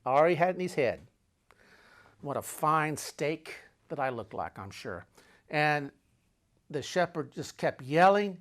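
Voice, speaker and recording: A man telling a personal travel story, dramatic and full of repeated phrases, swinging between loud urgency and hushed, low asides. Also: lively intonation, takes it slowly, long pauses.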